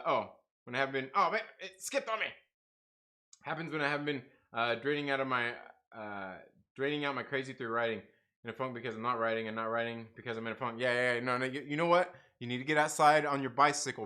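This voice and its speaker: Animated man hosting a live chat. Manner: animated, laughs often, swings from loud to low. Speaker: livestream host reading chat. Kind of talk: casual livestream chat.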